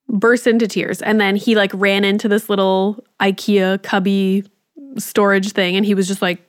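A woman's voice: mid-range voice, fairly even intonation, moderate pace, no echo, clean studio sound. Candid, swearing podcast host woman. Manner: candid, swears freely, lots of "like". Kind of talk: casual storytelling chat.

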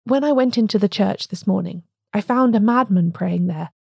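A woman's voice: medium pitch, moderate pace, gravelly, husky, no room sound, clean studio sound. A woman reading a storybook voicing an agitated, stammering male curate. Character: nervous excited male curate, feverish.

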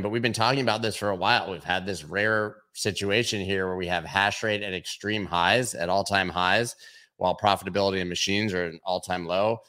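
A man's voice: low voice, sharp tone. A man hosting a weekly crypto news review, talking casually and emphatically, often repeating words for stress.

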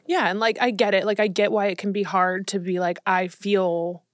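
Relaxed woman co-hosting a chatty podcast. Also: medium pitch, fast talker, dry recording, studio quality. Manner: relaxed, reflective, lots of "like". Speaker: podcast co-host. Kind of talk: casual chat.

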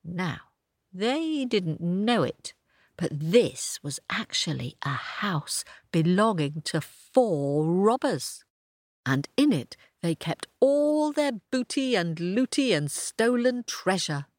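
Expressive woman storyteller for children, lively pitch, dry close sound. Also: takes it slowly, no room sound. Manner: expressive, sing-song. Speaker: storyteller host.

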